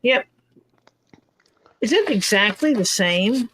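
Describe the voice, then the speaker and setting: A woman's voice: a little high, lively intonation, takes it slowly, a bit bright, breathy edge. A woman hosting a leatherworking livestream, chatting casually and rambling through stories with quoted back-and-forth. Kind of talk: casual chat.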